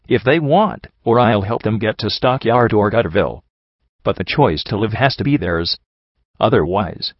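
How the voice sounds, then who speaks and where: A man voicing a calm, sorrowful male pony priest in an audiobook reading, speaking in a measured, gently reasoning way. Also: fairly low pitch, no room sound. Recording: dull lo-fi dry recording.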